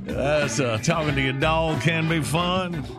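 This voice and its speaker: Laid-back morning radio host. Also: male voice, on the high side, a little slow, over music. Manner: laughing, relaxed, lots of fillers.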